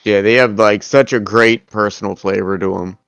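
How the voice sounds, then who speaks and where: A man in a casual chat, laid-back and even. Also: fairly low pitch, moderate pace, creaky, clear, resonant tone, no echo.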